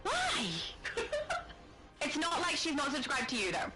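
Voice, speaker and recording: A woman's voice: high voice, animated, quick pace, poor audio. A woman with an Australian accent chatting casually as a guest on a gaming livestream, laughing often between remarks, over a voice call. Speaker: guest streamer. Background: game music playing loudly.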